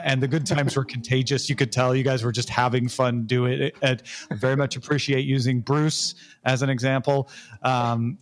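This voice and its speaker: Chatty man giving upbeat feedback. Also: mid-range voice. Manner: encouraging, rambling with restarts. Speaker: podcast coach. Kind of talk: casual feedback chat.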